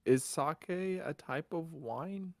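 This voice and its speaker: A man co-hosting a casual podcast chat, talking in halting bursts with frequent restarts and easy laughter. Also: a little high, no room sound. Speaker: podcast co-host.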